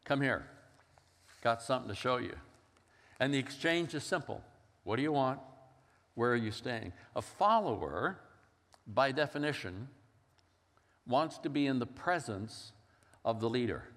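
Older preacher in a reverberant hall. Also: male voice, mid-range voice, lively intonation, a little slow, pauses often, a bit bright. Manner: storytelling, conversational with acted-out quotes. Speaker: pastor. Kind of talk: sermon.

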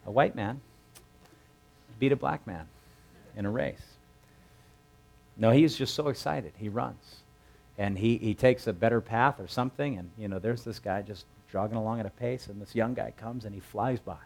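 A man preaching a sermon, retelling a scripture story conversationally and acting out the characters' lines with lively raised voices. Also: on the low side. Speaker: pastor.

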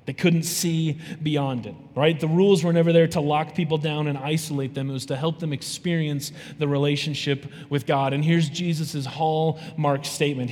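A man preaching a sermon to a church congregation, lively and conversational, often checking in with his listeners. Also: on the high side. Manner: lively, conversational, often asks "right?" to the audience. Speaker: pastor. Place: church sanctuary. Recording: long reverb from a large hall.

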